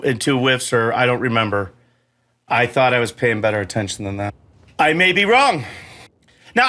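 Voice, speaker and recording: Middle-aged guy griping at a video game, swears a lot, bright voice that jumps all over. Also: high-pitched. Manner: grumbling, cursing, self-mocking. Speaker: gamer playing for the camera. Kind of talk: casual gameplay commentary.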